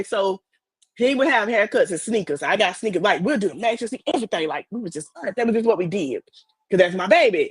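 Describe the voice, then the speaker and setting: A woman's voice: mid-range voice, dry recording. Blunt woman podcaster preaching to listeners. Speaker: podcast host. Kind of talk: casual chat.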